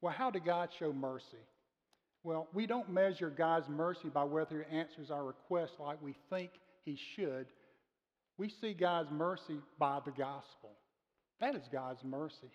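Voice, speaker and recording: A man preaching a sermon as pastor, speaking earnestly and slowing down to stress key words. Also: fairly high pitch. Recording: muffled sound with long reverb of a large room.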